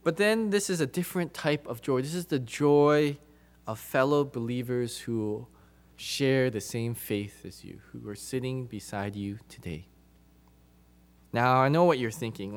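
A man speaks unhurriedly in a mid-range voice as he preaches a sermon to his congregation, emphatic throughout, repeating phrases for stress and moving between loud and soft.

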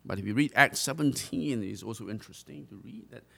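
A man's voice: mid-range voice, expressive, fairly quick, vocal fry, fairly bright tone. A man preaching a sermon to a congregation, earnest, stretching out key phrases for emphasis and often restarting his words. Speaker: pastor.

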